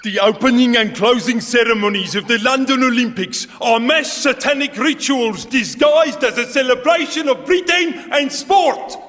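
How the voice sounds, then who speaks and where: A man's voice: very high-pitched, moderate pace, hardly any pauses, a bit bright, in a large hall. A man impersonating a blustering, plummy male politician with an exaggerated posh accent. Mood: indignant.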